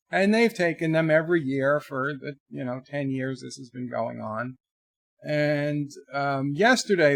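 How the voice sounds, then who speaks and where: Recorded dry, a man with a medium-pitched voice chats casually on his home live stream. He reads chat messages aloud and tells a meandering story, frequently starting over.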